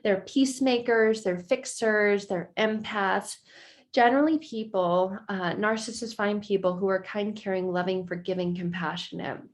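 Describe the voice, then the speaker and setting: A woman talks straight to the viewer in an earnest advice-video style, her pitch sitting in the middle of the range. She slips into quick, lilting voices when she acts out quoted exchanges. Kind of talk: talking-head advice video.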